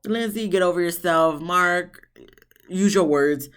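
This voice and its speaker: A reviewer recapping a reality show episode in a blunt, sassy, casual way, swearing freely and jumping into high, exasperated tones. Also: unhurried, a bit bright, smooth. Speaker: TV show reviewer, channel host.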